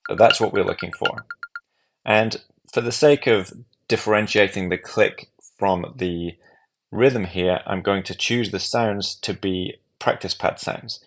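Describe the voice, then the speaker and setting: A man giving a calm, methodical step-by-step walkthrough of a music app. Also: lowish voice, unhurried. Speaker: app tutorial presenter. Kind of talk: screen-recorded software walkthrough.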